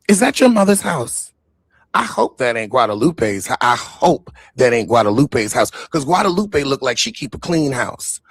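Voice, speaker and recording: Raspy, gravelly New man. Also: fairly high pitch, no room sound, studio quality. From the Bronx, New York. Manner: mocking, animated, swears freely. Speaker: host reacting to an interview. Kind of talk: casual reaction commentary.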